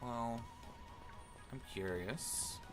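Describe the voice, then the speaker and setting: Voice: mid-range voice, drawn-out words, music in the background. Playful, swearing video game streamer. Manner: playful and expressive, swears freely, reads game dialogue aloud. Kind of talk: casual gaming commentary.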